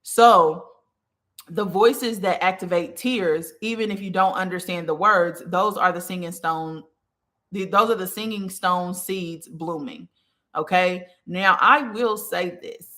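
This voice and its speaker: Woman, spiritual teacher, casual talk, lowish voice, conversational, checks in often. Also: a little slow, bright, forceful tone. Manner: conversational, many fillers like okay and like.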